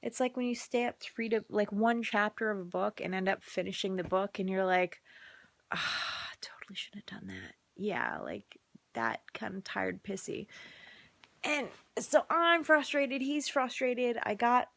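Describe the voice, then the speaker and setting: Recorded on a phone camera with no echo, a worn-out mother vlogs about her long night in a slightly high, a bit bright voice at normal speed. She chats casually and frequently drops to a whisper.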